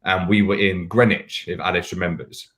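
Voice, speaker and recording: A man, a podcast panelist, recounts old anecdotes in a relaxed, rambling way. His voice sits low and he keeps poking fun at himself between tangents. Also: normal speed, crowd noise. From United Kingdom. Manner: candid, rambling anecdotes with self-mocking asides. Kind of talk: casual podcast storytelling.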